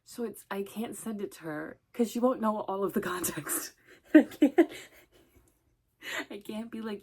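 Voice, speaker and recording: A woman's voice: mid-range voice, measured pace, long pauses, mellow, slightly rough. A woman rambling casually in a vlog, chatty and swearing, often breaking into laughter. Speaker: vlogger.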